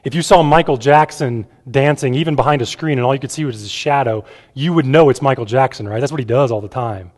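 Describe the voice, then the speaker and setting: A man's voice: mid-range voice, quick pace, few pauses, a little mellow. A man giving a conversational sermon as a pastor, often checking in with "right?" and repeating words as he talks to a gathered room. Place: church room with a gathered audience. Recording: long hall reverb.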